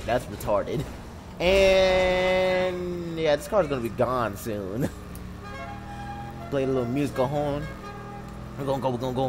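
A young man giving excitable, jokey commentary on a driving game, laughing and shouting often. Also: sits high. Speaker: gameplay commentator. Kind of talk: live let's-play commentary. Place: home room.

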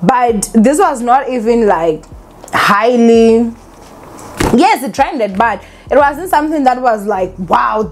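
Opinionated woman vlogger; animated delivery with a lively pitch. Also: slow pace, a little hiss or hum. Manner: animated, opinionated, laughs often. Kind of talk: casual commentary vlog.

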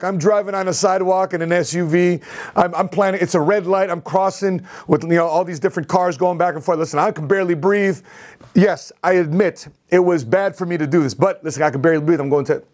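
A man with a somewhat high voice tells his own story straight to camera. He speaks in an animated, repetitive way, circling back to the same phrases as he goes. It is a casual storytelling vlog. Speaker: entrepreneur vlogger.

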